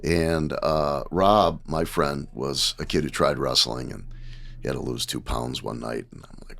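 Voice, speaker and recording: A man in his sixties from the American Midwest, telling lively anecdotes as a podcast guest and often checking in with "right?". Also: a bass voice, a little slow, gravelly. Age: 60s. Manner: animated anecdotes, acting out dialogue, frequent "right?". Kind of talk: casual storytelling.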